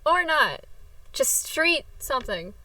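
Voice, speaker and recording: Bright-pitched joking woman gamer. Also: big pitch swings. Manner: joking, quick to laugh. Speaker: player and channel host. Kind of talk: tabletop game chat. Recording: voice far from the mic.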